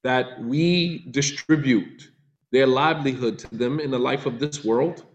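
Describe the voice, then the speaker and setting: A man's voice: medium pitch, unhurried. A man teaching a religious class, reciting Arabic verses, translating them and asking his listeners rhetorical questions.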